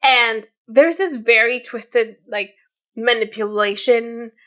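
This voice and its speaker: A woman's voice: a little high, takes it slowly, pushed and bright. A woman in her late twenties, co-hosting a podcast and retelling a story in casual chat, with many fillers and quoted voices. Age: 20s. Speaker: podcast co-host.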